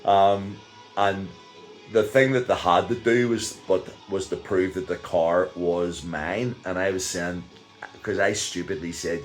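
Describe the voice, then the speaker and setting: An older Northern Irish man with a very low, deep voice spins a rambling story from his younger days, pausing on fillers and breaking into chuckles. Soft instrumental music plays faintly behind him. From Northern Ireland. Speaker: vlogger. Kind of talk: casual storytelling.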